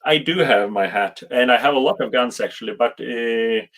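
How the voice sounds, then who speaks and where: Guy hosting a live stream, reads out chat comments, jokey, trips over his words a lot, mid pitch. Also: fairly bright tone. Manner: joking, halting, with frequent restarts. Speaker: host of a live show.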